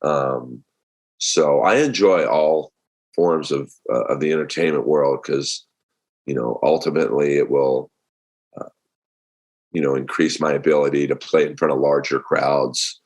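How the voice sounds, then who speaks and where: Very deep-voiced male comedian. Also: unhurried. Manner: relaxed storytelling with many fillers. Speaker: stand-up comedian guest. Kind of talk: casual interview talk.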